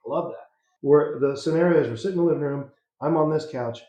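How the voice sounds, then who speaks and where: Guy telling a funny story on a show, kinda high voice, mellow tone, acts out quotes, echoey room, dull sound. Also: fast. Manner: animated, laughing storyteller who acts out quotes. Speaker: interview guest. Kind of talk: casual storytelling.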